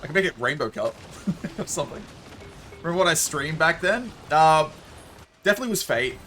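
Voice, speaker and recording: A man's voice: on the high side, animated, a little fast, bright, forceful tone. A man chatting casually on a live stream, laughing often and swearing casually, into a desk microphone.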